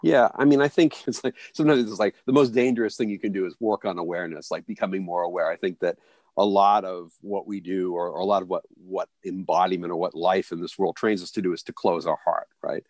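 A man, an interview guest, telling a reflective story in a halting way, full of restarts and fillers. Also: low voice, steady tone, a little mellow, no room sound, clean studio sound. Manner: halting, many restarts and fillers, voices others in stories. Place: near a big US city.

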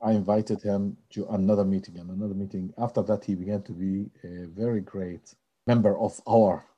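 An Israeli man, a religious leader and peace activist, tells stories in an interview using animated, hesitant, non-native phrasing. His voice is on the low side, brisk, and slightly rough. The recording has its highs cut off.

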